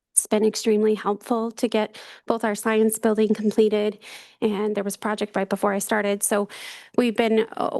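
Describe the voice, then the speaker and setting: A woman with a mid-pitched voice gives a steady, explanatory answer at a committee meeting. She sets out funding numbers plainly and at an even pace. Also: vocal fry. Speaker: college finance official. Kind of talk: meeting presentation.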